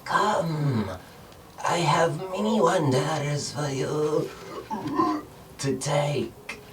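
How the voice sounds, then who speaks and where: A man doing a slimy raspy creature shopkeeper. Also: a little high, a little hiss or hum, pitched above the performer's own voice. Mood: secretive. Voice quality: raspy, wet, mucus-clogged, guttural. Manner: slow, half-whispered. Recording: distant mic with music behind.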